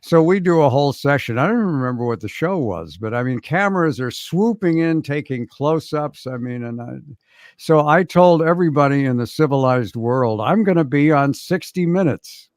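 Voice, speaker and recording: A man's voice: mid-range voice, expressive, moderate pace, no room sound, studio quality. Wry man telling self-deprecating stories. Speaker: guest actor. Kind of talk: casual anecdotal chat.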